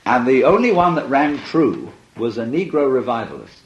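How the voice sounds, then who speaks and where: A man's voice: medium pitch, very animated, moderate pace, lo-fi sound. A man giving a reflective lecture talk, musing and telling stories, often breaking into laughter. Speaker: speaker.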